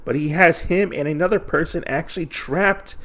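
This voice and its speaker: A man's voice: fairly high pitch, normal speed, fairly bright tone. A man hosting a podcast, casually recapping a comic issue in a rambling way, full of fillers and restarts. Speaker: podcast host.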